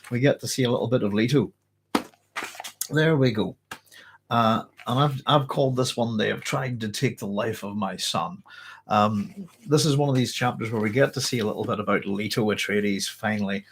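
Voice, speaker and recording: A man's voice: mid-range voice, normal speed, a little hiss or hum. A man from Northern Ireland with a Northern Irish accent hosts a live book club stream, chatting casually and apologizing a lot while slightly out of breath. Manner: apologetic, chatty, self-interrupting.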